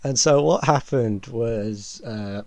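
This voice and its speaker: A man's voice: medium pitch, takes it slowly, dry recording. A young man rambles through a funny story in casual podcast chat. He trips over his words and restarts often, with chuckles breaking in. The sound is close and dry, with no room around it. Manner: rambling, laughing, self-correcting. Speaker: podcast co-host.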